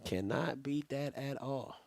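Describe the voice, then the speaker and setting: A man's voice: medium pitch, slow, very noisy. A man hosting a live watch party, reacting to a game in a casual, slangy, trash-talking way.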